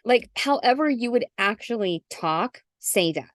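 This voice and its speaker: A woman's voice: on the high side, unhurried, dry recording, studio quality. Chatty woman coaching on a video call. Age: middle-aged. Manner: chatty, animated, acts out sample messages. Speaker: guest coach. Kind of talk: casual zoom call. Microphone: video call mic.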